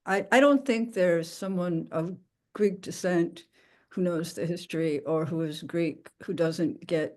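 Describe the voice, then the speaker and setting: A woman poet reading her own poem aloud at a poetry reading, halting in the introduction and lilting in the recitation. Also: lowish voice, a little mellow.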